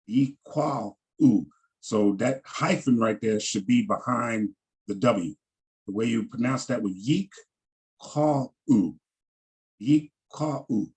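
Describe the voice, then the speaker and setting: A man teaching a language class, slowly repeating each word and its pronunciation and checking in with "all right" as he goes. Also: fairly low pitch, darkish tone, breathy edge. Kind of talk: slow vocabulary lesson over shared screen.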